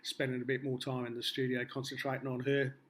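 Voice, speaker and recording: Fast and completely flat in delivery, this Australian musician guest speaks at medium pitch with a somewhat bright tone. In the interview he rambles through anecdotes, laughing and using lots of fillers.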